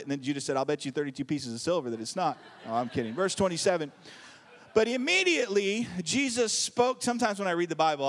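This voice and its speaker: A man's voice: mid-range voice, big-room sound. A man preaching a sermon as pastor, reading scripture with joking asides and calling on the congregation to answer back. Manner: animated preacher, joking asides and call-and-response.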